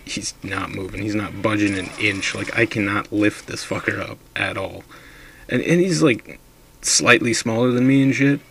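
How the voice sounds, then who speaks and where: A man's voice: lowish voice, normal speed, vocal fry, fairly bright tone, a little hiss or hum. A man casually telling a drunken ghost story, rambling and swearing a lot.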